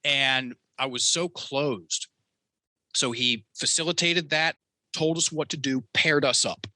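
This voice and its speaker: A man with a very bright, forceful voice tells a personal story as a podcast guest. He is animated and acts out the voices of the people in his story, recorded dry and close. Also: medium pitch, takes it slowly, no echo. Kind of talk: storytelling in a conversational interview.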